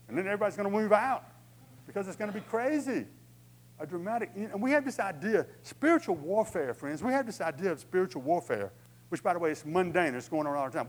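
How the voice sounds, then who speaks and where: A man's voice: high voice, rough recording. A man preaching a sermon in a conversational way, acting out inner voices with humor. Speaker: pastor.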